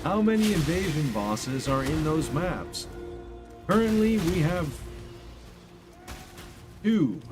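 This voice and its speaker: A man's voice: on the high side, sing-song, slow pace, long pauses. A man streaming a game live on a studio mic, chatting casually in a joking, self-mocking way. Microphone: studio condenser mic. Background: game music.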